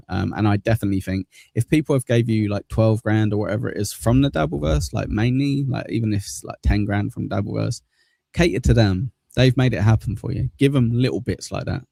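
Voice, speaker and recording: A man's voice: fairly low pitch, a little fast, vocal fry, dark tone, no echo. A man from southern England with an accent close to Cockney, hosting a livestream and chatting casually through viewer comments in a rambling, laid-back way with casual swearing. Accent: southern English, near Cockney. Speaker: livestream host.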